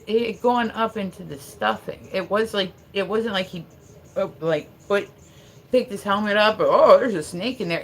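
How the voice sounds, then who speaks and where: A woman's voice: mid-range voice, a little hiss or hum. A woman live streamer rambling casually at home, full of fillers and swearing. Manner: rambling, profane, many fillers. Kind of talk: casual livestream chat. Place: at home with her dog.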